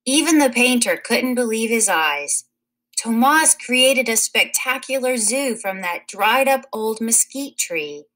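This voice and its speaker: A woman reading a children's picture book aloud in a slow, expressive way. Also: fairly high pitch, rough recording. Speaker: story reader.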